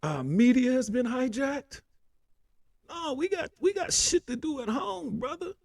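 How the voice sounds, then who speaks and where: A man's voice: extremely high pitch, expressive, measured pace, gravelly, darkish tone, no room sound. A man hosting a political commentary show, ranting heatedly with constant profanity and repeated "man".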